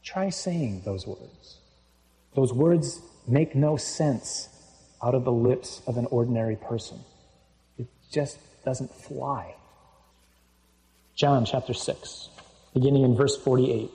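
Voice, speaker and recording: Mellow-voiced man preaching a sermon. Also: takes it slowly, long pauses, poor audio. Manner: conversational, with sudden jumps in pitch and loudness for emphasis; reads scripture aloud and explains it.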